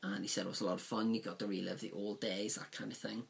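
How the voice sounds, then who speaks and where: A man's voice: fairly low pitch, level tone, fast, gravelly. A man casually reviewing a DVD set, rambling with frequent ums and likes.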